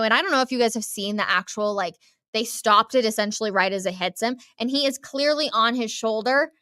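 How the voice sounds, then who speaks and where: A woman's voice: a little high, brisk, clear, resonant tone, dry recording, studio quality. Chatty American woman sports host. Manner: chatty and animated, addresses listeners as "you guys". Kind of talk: casual sports talk to listeners.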